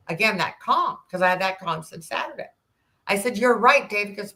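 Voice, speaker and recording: A woman in her sixties, a podcast guest, telling a personal story in an animated way and acting out the dialogue. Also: medium pitch, fairly quick. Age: 60s. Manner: animated, acts out quoted dialogue, rambling restarts.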